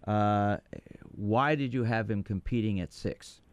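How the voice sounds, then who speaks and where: Low-voiced older man hosting talk radio. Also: unhurried, clear, resonant tone, no room sound. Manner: conversational, direct. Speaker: radio show host, sports psychologist. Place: radio studio.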